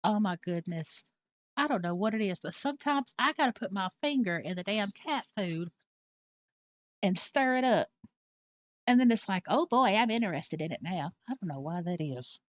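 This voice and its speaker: A woman's voice: medium pitch, expressive, moderate pace, no echo, lo-fi sound. A young woman live streaming from her home in casual chat, reading viewer messages aloud and talking to her cat.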